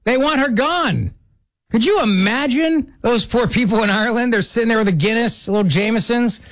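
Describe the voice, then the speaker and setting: A man's voice: very high-pitched, fairly quick. A man hosting a talk radio show, trading sarcastic, mocking banter with his producer.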